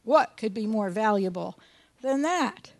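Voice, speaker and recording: High-voiced earnest woman preacher. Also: lively intonation, unhurried, dry recording. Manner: earnest, folksy asides, reads scripture with emphasis. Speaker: Bible teacher. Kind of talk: sermon with scripture reading.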